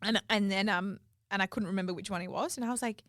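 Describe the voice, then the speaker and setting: A woman's voice: medium pitch, fast, fairly bright tone, no room sound, clean studio sound. A young woman, co-hosting a podcast and telling a story in casual chat, swearing freely and acting out quotes. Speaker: podcast co-host.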